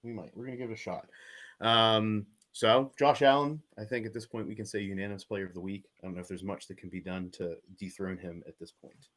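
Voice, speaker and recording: A man's voice: lowish voice, steady tone, a little fast, fairly bright tone. A man co-hosting a sports podcast, recapping games in casual chat with an announcer-like lilt. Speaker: podcast co-host.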